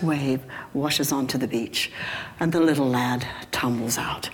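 A woman's voice: extremely low pitch, measured pace. An older woman preaching a sermon, telling a joke and chuckling often, sometimes acting out voices. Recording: hall reverb with faint background noise.

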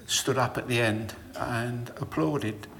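A middle-aged man giving a reflective, sermon-style talk, telling personal stories about faith in a measured way. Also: medium pitch, vocal fry, a bit bright, big-room sound, slight background noise.

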